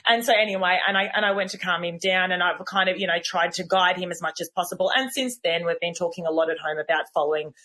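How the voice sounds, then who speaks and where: A woman's voice: fairly low pitch, fast talker, hardly any pauses. Candid woman telling a story. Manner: animated, candid and self-deprecating. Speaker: podcast host. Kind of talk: casual personal storytelling.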